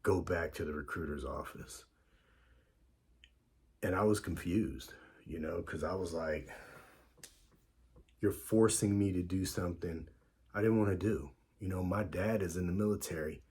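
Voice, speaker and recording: Deep husky man telling a story. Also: measured pace, long pauses, darkish tone. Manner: laid-back, lots of fillers and quoted dialogue. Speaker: podcast host telling his story. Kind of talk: casual storytelling.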